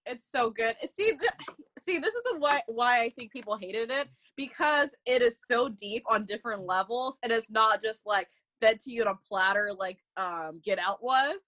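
A woman's voice: fairly high pitch, animated, normal speed, a bit bright. A woman guest on a casual podcast about horror movies, enthusiastic and laughing often.

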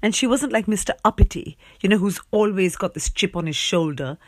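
Gentle mum, dry close sound. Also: female voice, medium pitch, brisk, no room sound. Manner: gentle, explains things patiently. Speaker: mother reading along with her child. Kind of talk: casual bedtime story chat.

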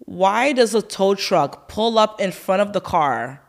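Animated woman telling a story. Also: medium pitch, measured pace, gravelly. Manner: animated storyteller, acts out dialogue. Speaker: podcast co-host. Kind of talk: casual storytelling chat.

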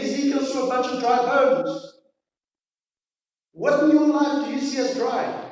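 Male pastor, high voice, emphatic sermon delivery, distant dull recording. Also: a little slow, pauses often. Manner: preaching with rising, emphatic exhortation and quiet dramatic drops. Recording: distant, echoey hall, dull sound.

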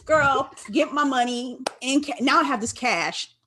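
A woman in her twenties from Los Angeles talks in casual chat, her voice sitting a little high. She tells stories with energy, acts out her own past lines and swears freely. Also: a little slow, pushed and bright, a little hiss or hum. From Los Angeles, California. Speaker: guest, wine enthusiast.

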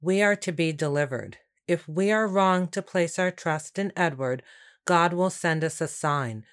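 A woman's voice: fairly low pitch, unhurried, clear, resonant tone, lightly acted. A woman reading the lines of a stern, devout chieftain in a storybook, firm and insistent.

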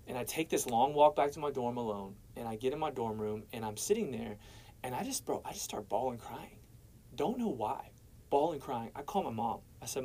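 A man's voice: medium pitch, lively intonation, fairly quick, mellow, a little hiss or hum, low-quality recording. Young man telling his story casually. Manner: casual, storytelling, peppers speech with "man" and "bro". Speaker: guest sharing his testimony. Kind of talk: casual personal testimony.

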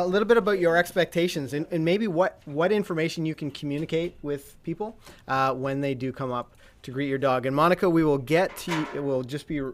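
A man co-hosting a live dog-training stream, answering viewer questions in a loose conversational way. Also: fairly high pitch. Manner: conversational, many fillers and restarts.

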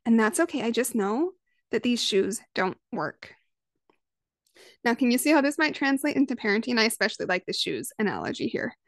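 A woman in her thirties, a parenting coach, talking through her ideas on her own podcast in a lively, conversational way. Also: fairly high pitch, brisk, dry recording, clean studio sound. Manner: conversational, lively, acts out quoted voices. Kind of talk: solo podcast monologue.

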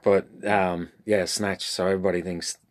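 An Irish man with a very deep voice tells stories in a casual co-hosted chat. He jokes at his own expense and laughs easily, keeping it loose and friendly. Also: little pitch movement, moderate pace. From Ireland. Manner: joking, laughs a lot, self-deprecating. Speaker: podcast co-host.

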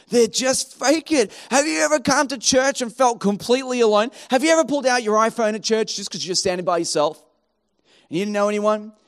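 A man preaching a sermon in a lively, animated way, acting out everyday voices as he tells stories. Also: high voice. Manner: animated, acts out quoted voices. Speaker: pastor.

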